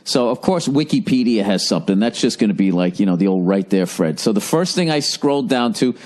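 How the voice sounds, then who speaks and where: A man's voice: fairly low pitch, lively intonation, brisk, a little mellow. Sarcastic, profane middle-aged man with Boston accent. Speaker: podcast host. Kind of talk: solo comedic podcast rant.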